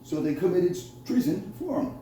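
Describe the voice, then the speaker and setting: Man, slightly higher pitch, mellow dark tone, angry profane rant, distant from phone mic in a very echoey room. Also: big pitch swings, normal speed. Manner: heated, profane, accusatory ranting. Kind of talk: angry monologue to camera. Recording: very echoey room, voice far from mic, faint noise.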